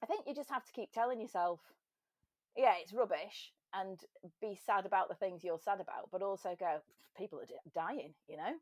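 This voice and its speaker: A woman chatting as a podcast guest, self-mocking and quick to laugh. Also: medium pitch, a little mellow, no room sound, clean studio sound. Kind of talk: casual chat.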